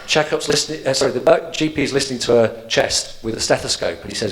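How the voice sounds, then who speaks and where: A man's voice: mid-range voice, fast talker, few pauses. A middle-aged man from England performing stand-up comedy on a theatre stage, telling stories with restarts and fillers. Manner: animated storytelling with frequent restarts and fillers. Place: theatre stage before a live audience.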